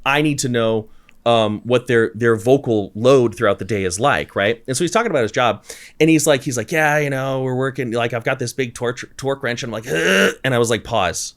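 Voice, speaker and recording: A male vocal coach chatting on a podcast, his voice sitting in an ordinary middle register. He tells stories in an animated way, slipping into the voices of the people he quotes. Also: mid-range voice, a little fast. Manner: animated storyteller, acts out quotes, many restarts. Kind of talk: casual podcast chat.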